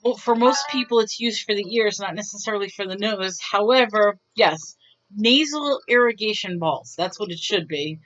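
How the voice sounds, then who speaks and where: A woman's voice: mid-range voice, normal speed, a bit bright, dull audio. A woman casually telling retail stories to her viewers in a wry, bemused, chatty way, often restarting her sentences. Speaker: retail worker vlogger. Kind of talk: casual storytelling to camera.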